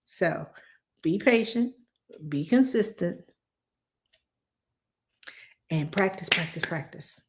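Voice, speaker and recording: Woman hosting a casual live Q&A as a nanny. She talks animatedly and conversationally, uses plenty of fillers and restarts, and repeats key points for emphasis. She breaks into quick playful voices when she quotes someone. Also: on the low side, expressive, background noise. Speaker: nanny answering viewer questions.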